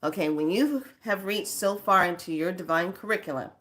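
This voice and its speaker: A woman who teaches spirituality, telling a story casually in a drawn-out way, full of filler phrases. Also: on the low side, a bit bright.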